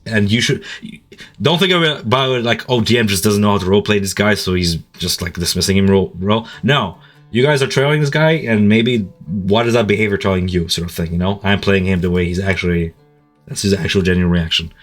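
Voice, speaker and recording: A man's voice: lowish voice, fairly quick, faint music behind. A man running a tabletop game, chatting casually with his players after the session, rambling and laughing as he talks. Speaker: game master. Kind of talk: casual post-session chat.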